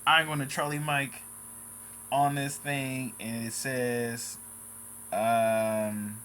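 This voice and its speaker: A man's voice: medium pitch, slow, pushed and bright, a little hiss or hum. A man hosting a casual vlog, talking in loose slang and calling his viewers bro and dog. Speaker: channel host.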